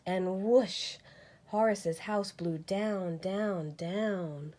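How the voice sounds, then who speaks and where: Slow, expressive storybook reader woman. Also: mid-range voice. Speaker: teacher. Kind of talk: reading a children's storybook aloud.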